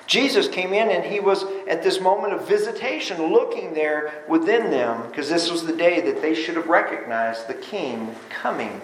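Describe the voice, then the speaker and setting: High-voiced animated preacher in an echoey church. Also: male voice, moderate pace, hardly any pauses, a little hiss or hum. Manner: animated, swinging between loud bursts and low asides; repeats words at restarts. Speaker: pastor. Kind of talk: sermon. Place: church sanctuary. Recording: roomy echo.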